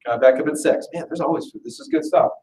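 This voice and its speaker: A man giving a chatty, self-deprecating business pitch to a live audience in a meeting room, often breaking into laughs. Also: quick pace, warm tone, slight background noise. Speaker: business presenter at an info session. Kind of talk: casual, joking sales pitch to a live audience. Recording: roomy echo, voice far from the mic.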